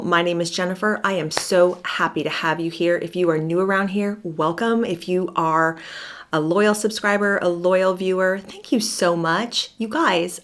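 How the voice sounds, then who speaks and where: A woman hosting a casual commentary vlog into her own microphone, chatty, gossipy and sarcastic. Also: lowish voice. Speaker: YouTube commentary host. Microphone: personal microphone.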